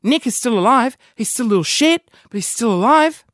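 A young Australian woman talks in an animated, rambling way and keeps poking fun at herself. Her pitch swings all over the place. The sound is dry and close, with no room echo. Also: fairly quick. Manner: animated, rambling, self-mocking. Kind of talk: casual monologue.

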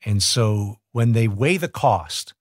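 A man's voice: on the low side, animated, takes it slowly, dry recording, clean studio sound. A man from a ministry, explaining earnestly as a guest on a radio show. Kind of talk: radio interview.

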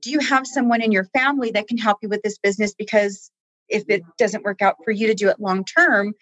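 A woman in a conversational interview, speaking earnestly and with deep feeling about the people she helps. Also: fairly even intonation, brisk, fairly bright tone, no echo, poor audio. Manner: heartfelt, tearful at times, earnest. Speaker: staff member guest.

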